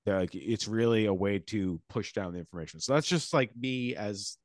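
Deep-voiced Boston man ranting. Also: normal speed, no room sound. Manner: profane, impassioned ranting. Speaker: podcast co-host. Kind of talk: casual chat, reading an article aloud with commentary.

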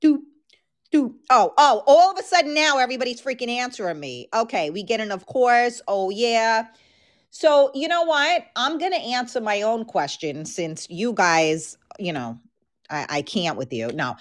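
A woman's voice: on the high side, big pitch swings, normal speed. A woman hosting a podcast, talking frankly and casually straight to her listeners, her voice a little worn. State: losing her voice. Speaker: podcast host. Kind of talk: casual chat.

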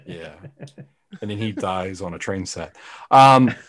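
A man's voice: fairly low pitch, sing-song, takes it slowly, vocal fry, fairly bright tone. Blunt man in casual podcast chat. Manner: blunt, wry. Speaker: podcast co-host.

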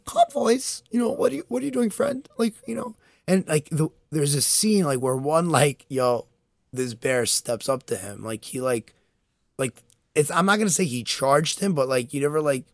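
A man's voice: medium pitch, no echo, clean studio sound. A young man in casual chat, telling a story animatedly with lots of fillers and laughter. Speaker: podcast co-host.

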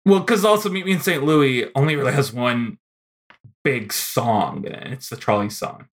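A man co-hosting a podcast, chatting casually about old movies with lots of fillers and quick laughs. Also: medium pitch. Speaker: podcast co-host. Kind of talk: casual film discussion.

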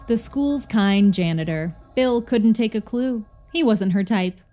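A woman reads a rhyming spooky poem aloud in an unhurried, playful storytelling voice. Her pitch sits in a middle range, and she lets each line land. Soft chiming music plays quietly beneath her. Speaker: poem reader.

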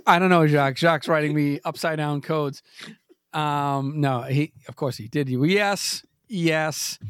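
Podcast host, forties, rambling and self-deprecating, stammers restarts, slightly high voice. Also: male voice, unhurried, clear, resonant tone, dry recording, clean studio sound. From New England. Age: 40s. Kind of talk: rambling comedic podcast chat.

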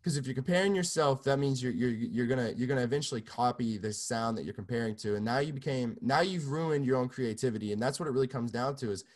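A man's voice: mid-range voice, fast talker, few pauses, darkish tone. Young male guest, casual storyteller, swears freely, restarts sentences, mid-range voice. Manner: loose and profane, many restarts. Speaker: music producer guest.

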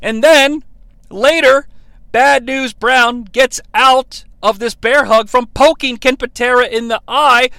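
A high, bright-voiced man hosting a comedic wrestling podcast on a close, dry mic. He talks in a sarcastic, profane ramble and keeps cutting into loud impressions. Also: unhurried, clear, resonant tone, dry recording. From New York. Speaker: podcast host.

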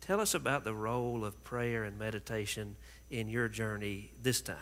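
Earnest low-voiced pastor. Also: male voice, moderate pace, in a large hall, crowd noise. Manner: earnest, gently affirming. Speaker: pastor hosting the conversation. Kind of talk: church interview.

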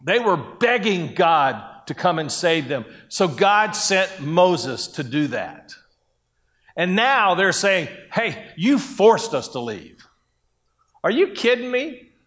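Male pastor, unhurried sermon delivery, higher-pitched voice, conversational with acted quotes. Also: very animated, fairly bright tone.

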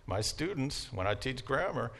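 A university lecturer with a Southern American accent talks his class through the material in a loose, conversational way. He often stops to check that his students are following. His voice sits at an ordinary middle pitch for a man. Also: big pitch swings, normal speed, a bit bright. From Southern United States.

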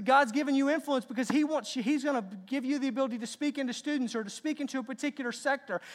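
A man preaching a sermon as pastor, animated and repeating words as he acts out lines. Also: very high voice.

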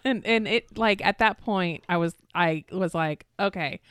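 A woman co-hosting a podcast tells a story casually and animatedly, laughing and acting out quotes in a high voice. Her unhurried, clear, resonant voice is captured dry, with studio quality.

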